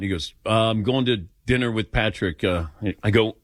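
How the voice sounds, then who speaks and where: A man's voice: lowish voice, fast, hardly any pauses, no room sound, studio quality. A man hosting a sports call-in radio show, telling a story and acting out the voices in it. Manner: animated, acts out voices in anecdotes. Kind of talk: casual storytelling and taking calls. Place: radio studio.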